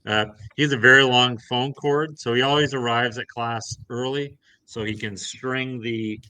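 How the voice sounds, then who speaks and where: A man's voice: medium pitch, fairly even intonation, moderate pace, pushed and bright, clean tone, no echo. A man describing his character at a tabletop game in a chatty, rambling way. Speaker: player. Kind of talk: tabletop play.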